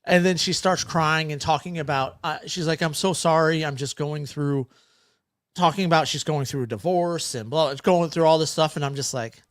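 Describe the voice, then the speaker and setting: A man's voice: fairly high pitch, brisk, hardly any pauses, dry recording, clean studio sound. A middle-aged man co-hosting a casual podcast over beers, telling rambling stories with lots of restarts. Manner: rambling, self-interrupting storyteller. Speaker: podcast co-host.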